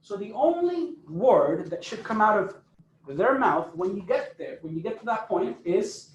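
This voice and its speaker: A man's voice: high-pitched, very animated, a little slow, roomy sound, dull audio, a little hiss or hum. A man coaching a phone sales team, emphatic and repeating points for stress. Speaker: sales trainer. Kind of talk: phone sales training talk. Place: office phone room.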